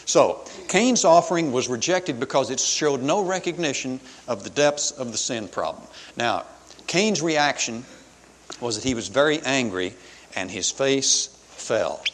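A man preaching a sermon in an earnest, measured way, with pauses between phrases. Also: mid-range voice, expressive. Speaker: pastor. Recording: long hall reverb.

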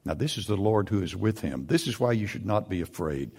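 A man preaching a sermon, building into loud, emphatic peaks as he retells and presses his points. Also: deep voice, expressive, a little fast, gravelly, slightly rough.

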